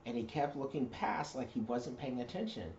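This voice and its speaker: A man's voice: medium pitch, expressive, moderate pace, a little mellow, slight background noise. A man telling a casual story, rambling with lots of fillers and self-corrections. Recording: roomy dull recording.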